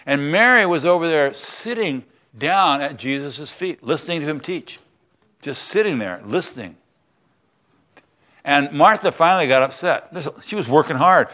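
A man's voice: fairly high pitch, expressive, moderate pace, sharp tone. An older man from the United States, a semi-retired pastor, giving a conversational Bible lesson and asking the congregation questions. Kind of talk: sermon.

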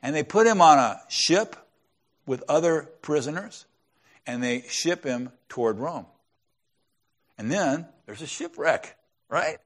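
Pastor, male, a touch high-pitched; preaches like he's telling a story, with quiet emphatic drops. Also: animated, slow, pauses often. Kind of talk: sermon.

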